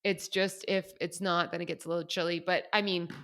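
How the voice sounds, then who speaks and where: Animated woman telling a story. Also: fairly low pitch, fairly quick. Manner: animated storyteller, laughs often, quotes others. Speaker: podcast co-host. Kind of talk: casual storytelling chat.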